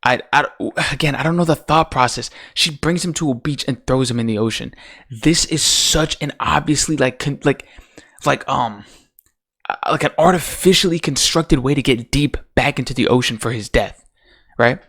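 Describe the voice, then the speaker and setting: A man's voice: mid-range voice, normal speed, a bit bright. A man ranting casually about a TV show's finale, profane and exasperated, full of rhetorical questions. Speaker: TV show commentator.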